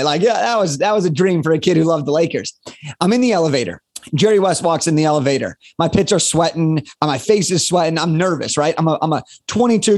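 A man in his late twenties, a guest telling an energetic story on a podcast and acting out the quotes. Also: on the high side. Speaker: guest, speaker and author.

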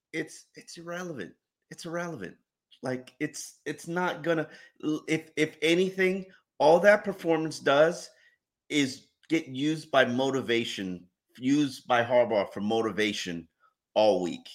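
A man's voice: fairly high pitch, a little slow. A man co-hosting a casual sports podcast, talking with sarcasm and plenty of laughter. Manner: sarcastic and animated, frequent laughter. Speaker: podcast co-host.

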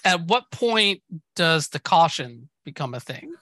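A man's voice: on the high side, very animated, measured pace, bright, forceful tone. A man hosting a podcast interview, easygoing and encouraging toward his guest. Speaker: podcast host. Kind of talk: casual interview.

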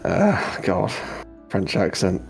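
Low relaxed male game master, easygoing narration. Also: takes it slowly, creaky, faint music behind. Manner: relaxed, hesitant with fillers.

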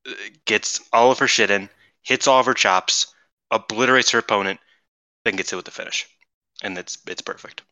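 A man's voice: on the low side, pushed and bright, no room sound, poor audio. A man co-hosting a podcast in casual chat, rambling with many fillers and laughs. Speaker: podcast co-host.

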